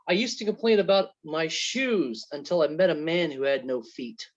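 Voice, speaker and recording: A man's voice: on the high side, lively intonation, normal speed. A man giving an earnest, faith-centred testimony as an interview guest, telling parables to make his points. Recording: dull lo-fi sound.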